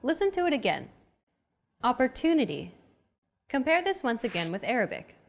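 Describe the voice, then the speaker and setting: A young adult woman hosting a language lesson, with clear, upbeat, teacherly scripted narration. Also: a little high, wildly swooping pitch, fast talker.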